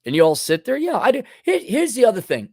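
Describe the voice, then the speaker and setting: A man's voice: sits high, huge pitch swings, normal speed, vocal fry, a little mellow, no room sound, studio quality. A middle-aged man hosting a livestream, reading super chats in a blunt, sarcastic, mocking way. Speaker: host.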